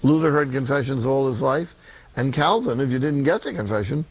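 An older man, a Catholic priest, talking in a blunt, folksy, emphatic way with sudden loud peaks. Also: medium pitch, animated, fairly quick. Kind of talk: sermon-style talk.

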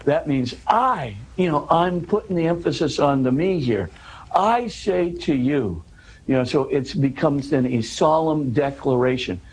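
A man's voice: a little high, normal speed, few pauses, slight background noise, rough recording. A man in an interview, earnestly explaining a scripture passage, often restarting and pushing his voice up for emphasis.

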